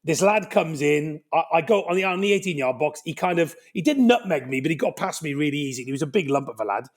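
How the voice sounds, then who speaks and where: Welsh man, 50s, Cardiff accent, lively raised-voice storyteller, podcast guest. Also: a little high, fast talker. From Wales. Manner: animated, lively anecdote-telling with frequent "right?".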